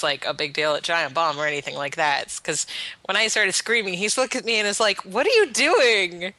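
A woman game developer chatting on a podcast, telling excited stories in a bubbly way. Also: fairly low pitch, no echo, rough recording. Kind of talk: casual podcast chat.

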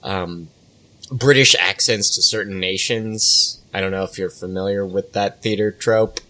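A man's voice: deep voice, steady tone, a little slow, sharp tone. A man in a casual podcast chat, inquisitive and posing long, winding questions. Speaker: podcast panelist.

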